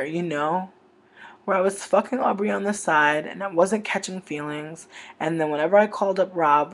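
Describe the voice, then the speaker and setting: A livestream host spins a comic gossip tale, rambling and dramatic, with fillers and cursing all through it. The voice sits at a middle pitch and carries no marked coloring. It sounds like it was picked up on a plain webcam microphone.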